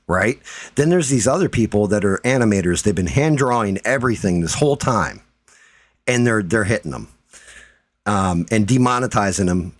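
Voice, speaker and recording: A man's voice: fairly low pitch, no echo. A man hosting his own livestream, ranting in a profane, defiant and heated way. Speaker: livestream host.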